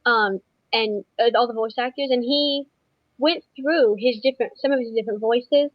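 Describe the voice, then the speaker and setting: A woman's voice: on the high side, moderate pace, no echo. Eager woman explaining, dry lo-fi sound. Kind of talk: casual podcast chat.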